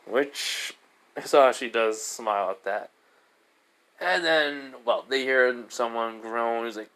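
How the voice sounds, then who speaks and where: A man narrating a fan story off the cuff, with a mid-pitched voice. He rambles, corrects himself often and fills gaps with "you know" and "basically.". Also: takes it slowly, a bit bright. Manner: rambling, lots of fillers and self-corrections.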